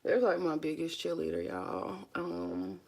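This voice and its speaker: Chatty woman, gravelly voice. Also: low-pitched, big pitch swings, measured pace, darkish tone. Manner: chatty, folksy, says y'all and honey a lot. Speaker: beauty vlogger. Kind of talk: casual makeup tutorial chat.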